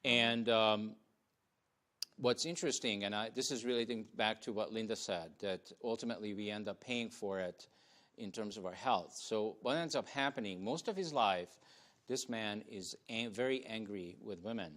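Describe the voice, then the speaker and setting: A man speaking on a studio panel in a casual discussion, animated and laughing between phrases. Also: on the low side, moderate pace.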